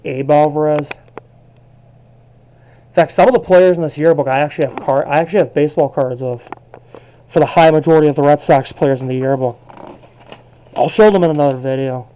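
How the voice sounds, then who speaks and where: A young man talking casually to camera as he pages through a yearbook, relaxed and rambling, often unsure how names are pronounced. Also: fairly high pitch, fairly quick, long pauses, smooth, highs cut off. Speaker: collectibles vlogger.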